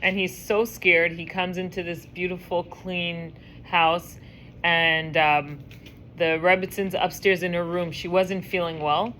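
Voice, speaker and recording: A woman teaching a class, telling a story in a lively, chatty way and acting out the voices. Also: fairly low pitch, unhurried, slight background noise. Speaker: teacher leading a women's class. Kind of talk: casual storytelling lesson.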